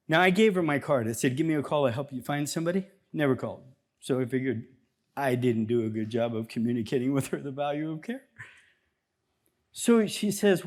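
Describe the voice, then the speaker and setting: A man speaking as a chiropractor at a seminar, talking to a live audience in an energetic, conversational way and acting out bits of dialogue. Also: mid-range voice, fairly quick. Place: seminar room before an audience.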